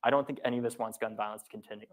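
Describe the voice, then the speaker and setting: A man's voice: lowish voice, steady tone, racing. A man opening a debate, speaking earnestly and conciliatorily. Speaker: debate participant.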